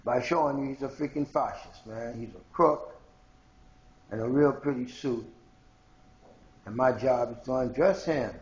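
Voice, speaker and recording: A man's voice: medium pitch, a little slow, long pauses, roomy sound, muffled recording. A man from Haiti delivering a rambling, confrontational monologue straight to his viewers in a home video blog. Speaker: video blogger. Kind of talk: ranting monologue to camera.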